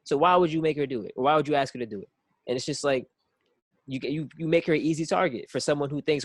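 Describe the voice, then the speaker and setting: A man with a slightly high voice talks quickly on a dry recording. He co-hosts a casual podcast, rambling, circling back to "it's like," and often repeating words as he works through his point.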